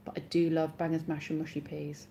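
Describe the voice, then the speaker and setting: A woman's voice: sits low, completely flat delivery, brisk, gravelly, mellow, muffled recording, a little hiss or hum. A woman in her thirties, chatting casually on a live stream and answering viewers' comments as they come in.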